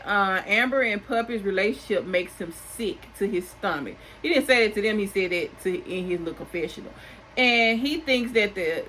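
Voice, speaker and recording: A woman's voice: medium pitch, sharp tone, rough recording. Woman doing a sassy casual tv recap, aave, regular mid voice, a little hiss behind. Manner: chatty, sassy asides. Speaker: recap host.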